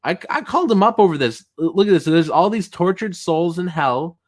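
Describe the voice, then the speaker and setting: A young man hosting a casual livestream, reading chat messages aloud, laughing often and getting loud and worked up when he tells a story. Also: high voice, a little fast. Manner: chatty, excitable, laughs often, rising to shouts when riled. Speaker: streamer host reading chat.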